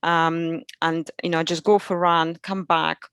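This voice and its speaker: A woman's voice: sits low, flat delivery, measured pace, a bit bright, clean tone, dry recording. A mother, a guest on a podcast, telling chatty anecdotes full of fillers. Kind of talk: casual interview storytelling.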